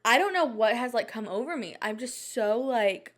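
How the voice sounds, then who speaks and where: A woman's voice: a little high, expressive, moderate pace, a bit bright. A young woman hosting her own podcast, chatting alone in a rambling, flustered way full of fillers and restarts while she sounds anxious and shaken. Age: young adult. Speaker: podcast host. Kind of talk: casual solo chat. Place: at home at night.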